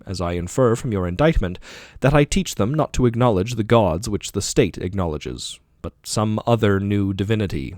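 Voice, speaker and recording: Guy reading as an old philosopher on trial, ironic and probing, really lively pitch, dry sound. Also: no echo, lightly acted. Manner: probing, rhetorical questioning. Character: aging male philosopher arguing in court, ironic. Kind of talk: audiobook dialogue reading.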